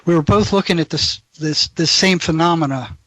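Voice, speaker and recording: Male guest, slightly higher voice, earnest explainer, dry close recording. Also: moderate pace, fairly bright tone, no echo. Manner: earnest explaining, repeats words as he goes. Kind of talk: casual conversation.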